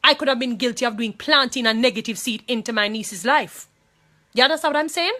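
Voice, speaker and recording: A woman's voice: fairly high pitch, brisk, pushed and bright. A woman with a Jamaican accent, speaking to viewers in an impassioned monologue. She talks emphatically, repeats phrases and pleads, distressed and angry.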